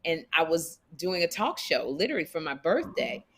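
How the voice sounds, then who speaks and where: A woman's voice: lowish voice, very animated, normal speed, a bit bright, a little hiss or hum. A woman co-hosting a podcast, chatty and emphatic in casual conversation. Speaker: podcast co-host.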